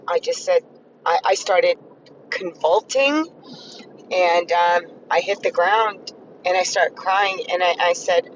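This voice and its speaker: A man's voice: sits high, fairly bright tone, lo-fi sound, a little hiss or hum. A man vlogger recounting a personal experience in a hesitant, earnest way, full of ums and restarts. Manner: hesitant, filler-heavy and earnest. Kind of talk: personal storytelling.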